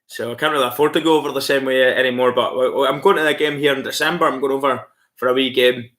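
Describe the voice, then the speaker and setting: A Scottish man talks loosely and warmly to his livestream audience, calling them mate and laughing along. His voice sits in a middle pitch with a bright, forward edge. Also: steady tone, fast talker. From Scotland. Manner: friendly and chatty, calls viewers mate, laughs often. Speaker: livestream host. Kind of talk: casual chat reading out viewer comments.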